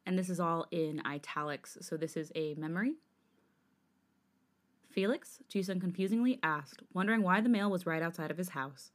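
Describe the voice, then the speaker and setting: A woman co-hosting a podcast, reading fanfiction aloud in a steady narrating manner. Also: on the low side, brisk, hardly any pauses. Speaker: podcast co-host.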